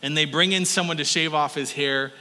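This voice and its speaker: A man preaching a sermon in an animated storytelling way, with chuckling asides. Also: a little high, fairly quick, big-room sound, poor audio.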